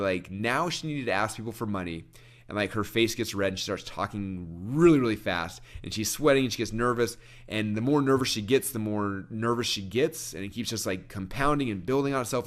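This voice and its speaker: A man presenting a sales training talk to an audience. He speaks energetically, often restarts his sentences, and says he talks fast. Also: on the low side. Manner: rapid-fire, energetic, frequent restarts. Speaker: marketing trainer.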